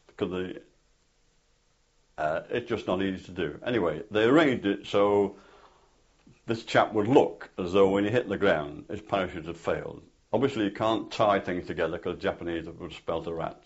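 A man's voice: deep voice, breathy edge. An older man telling rambling anecdotes with many fillers in an oral history interview. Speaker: interviewee, former parachute instructor. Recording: dull lo-fi tape recording.

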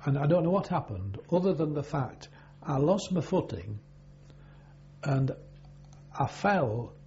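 Recalling his navy service for an oral history, an older former sailor speaks in a rambling, halting way thick with fillers. He sounds very animated, his voice a little high and a little mellow. Faint hum and dull, lo-fi audio mark the recording.

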